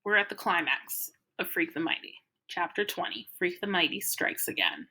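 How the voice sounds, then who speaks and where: A woman reading a novel aloud to listeners with dramatic delivery, sometimes dropping to a hushed whisper. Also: fairly low pitch, very animated, moderate pace. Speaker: reader.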